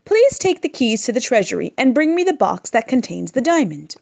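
A proud governor with a quick temper, read by a woman storyteller. He speaks grandly and commands, and his voice swings widely up and down. The pitch sits fairly high. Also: big pitch swings, vocal fry, a little mellow, exaggerated voice.

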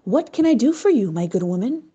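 A woman voicing a wise, merciful older king who speaks in a gentle, measured way. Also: a little high, big pitch swings, husky, dull audio. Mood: kind.

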